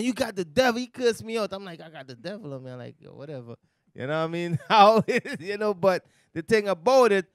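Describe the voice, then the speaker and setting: A man's voice: sits high, no echo, clean studio sound. A man preaching to a men's gathering, exhorting and asking if they understand. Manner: exhorting, repeats "you understand?".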